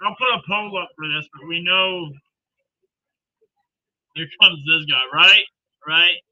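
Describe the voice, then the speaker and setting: A man's voice: sits high, takes it slowly, muffled recording. A man casually commenting on a live wrestling show for his stream, chatty and joking, laughing often.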